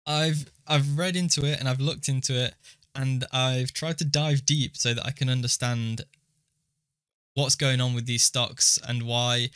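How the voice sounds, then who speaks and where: A young man co-hosts a casual podcast and patiently walks his friend through an idea. His voice is bright and forward. The sound is dry and close, with no room around it. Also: mid-range voice, clear, resonant tone, no room sound. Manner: explains things step by step. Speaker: podcast co-host.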